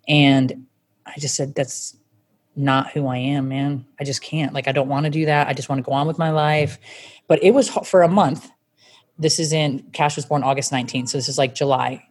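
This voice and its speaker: A woman's voice: a bass voice, steady tone, moderate pace, a little mellow. A woman in her forties, an interview guest, telling her story candidly and bluntly, swearing freely.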